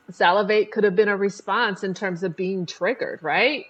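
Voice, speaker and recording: A woman psychotherapist hosting a podcast, explaining trauma in an animated way and briefly acting out the people in her examples. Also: mid-range voice, normal speed, slightly rough, highs cut off. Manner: animated, acts out voices in examples. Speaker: psychotherapist host.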